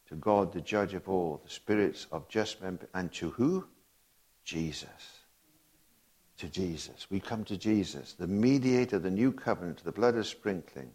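A man's voice: deep voice, darkish tone. A man preaching a sermon, emphatic and full of rhetorical questions to the congregation, reading scripture aloud as he goes. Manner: reads and quotes scripture aloud.

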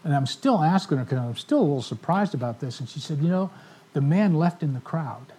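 A man telling stories in a sermon to a live audience, animated, acting out the voices of the people in his stories. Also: fairly high pitch, a little fast, husky. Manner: animated storyteller, acts out quoted voices. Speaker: ministry speaker. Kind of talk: storytelling sermon talk.

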